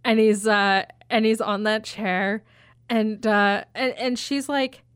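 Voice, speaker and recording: A woman's voice: medium pitch, steady tone, takes it slowly, clean tone, dry recording, studio quality. A woman casually retelling a film scene, rambling and swearing as she acts out the characters. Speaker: podcast co-host.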